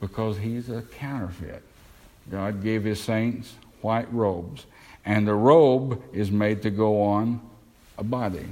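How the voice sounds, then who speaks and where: A man's voice: fairly low pitch, fairly even intonation, slow pace, warm tone. A man preaching a sermon, earnest and emphatic, lifting his voice when quoting Scripture. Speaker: pastor.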